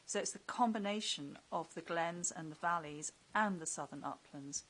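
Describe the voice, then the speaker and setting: A woman's voice: on the low side, moderate pace, fairly bright tone, low-quality recording. Firm expert witness, a woman. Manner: firm, clear disagreement. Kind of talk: inquiry testimony. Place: public inquiry hearing.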